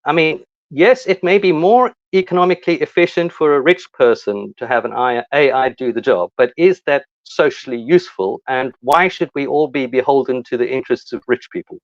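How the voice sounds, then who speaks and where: Male debater, mid pitch, rhetorical and pointed, dull dry call audio. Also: a little fast, hardly any pauses, no room sound. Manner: argumentative, rhetorical questions. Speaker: call-in participant. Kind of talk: casual debate on a live call.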